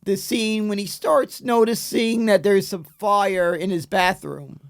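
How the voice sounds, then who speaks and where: A man's voice: high-pitched, fairly even intonation, unhurried, vocal fry. A man guesting on a comedy podcast, talking eagerly and stammering through restarts.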